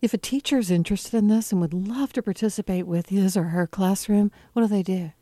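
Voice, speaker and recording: A woman's voice: mid-range voice, fairly quick, dark tone, no echo. A woman hosting an interview, asking questions and responding with appreciative enthusiasm. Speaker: interviewer, host.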